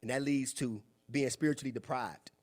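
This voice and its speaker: A young man giving a preachy, animated motivational talk at a club meeting, acting out quoted voices. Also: mid-range voice, brisk. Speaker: guest speaker. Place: meeting room.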